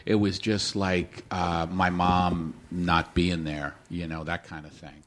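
A man hosting a comedy podcast, talking in a halting, easygoing way with frequent restarts. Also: low-pitched, flat delivery, fairly bright tone. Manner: halting, restarts, laughs easily. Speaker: podcast host. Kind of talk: casual chat.

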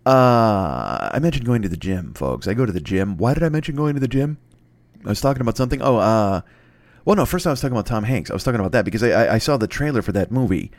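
A man's voice: fairly low pitch, expressive, fast talker, dry recording. A man hosting a podcast in a rambling comic monologue, profane and self-mocking, often stammering and restarting his sentences. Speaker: podcast host.

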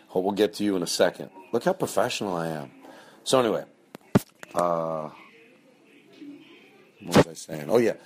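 A man with a very deep voice talks loosely as a podcast host. He rambles, stops himself mid-sentence and drops casual swears. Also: noisy background.

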